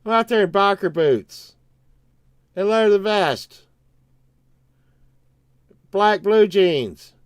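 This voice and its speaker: A man's voice: sits high, expressive, takes it slowly, pauses often, smooth, no room sound. A man, telling a rambling, profane story on his livestream and acting out both sides of the argument.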